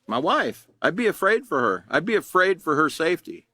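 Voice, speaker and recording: A man's voice: a little high, big pitch swings, fairly quick, pushed and bright, no room sound, clean studio sound. Folksy man teaching a class. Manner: folksy, conversational, asks the class questions. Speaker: anger management instructor.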